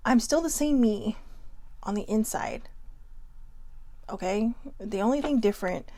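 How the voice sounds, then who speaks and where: A woman talks straight to her viewers in a chatty, emphatic vlog style, leaning on words and laughing between thoughts. Her pitch sits in an ordinary middle range. The sound is close and dry, with no room echo. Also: lively intonation, slow, pauses often, dark tone. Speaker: vlog host. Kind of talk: casual motivational vlog talk.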